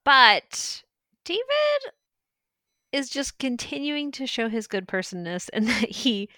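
A woman's voice: a little high, animated, slow, bright, forceful tone, no echo. A woman co-hosting a podcast, chatting casually and playfully, laughing often. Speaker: podcast co-host. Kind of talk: casual chat.

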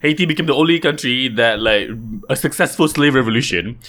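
A man with a mid-range voice banters on a podcast, riffing in a loose, joking way. He laughs often and talks in quick, rambling bursts. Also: mid-range voice, a bit bright. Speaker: guest host of podcast. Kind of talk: casual comedic podcast banter.

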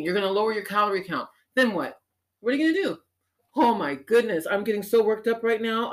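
A woman hosting a show, talking in an animated, emphatic personal monologue that swings up into exclamations. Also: fairly low pitch. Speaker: podcast host.

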